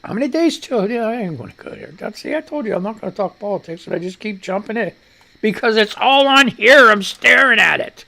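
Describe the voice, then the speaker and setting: A man's voice: high voice, lively intonation, fairly quick, gravelly, bright, forceful tone. Guy hosting a live stream, rambly and salty, voice jumps all over, kinda winded. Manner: rambling, salty, self-mocking. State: short of breath. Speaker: live show host. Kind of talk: casual live-stream chat.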